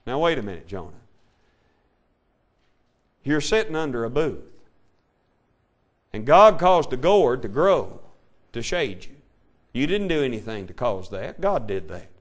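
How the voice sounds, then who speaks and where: A male preacher delivering a sermon, reading scripture in an old-fashioned cadence and swinging between loud declaration and quiet asides. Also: medium pitch, sing-song, measured pace, long pauses. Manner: old-style King James reading cadence.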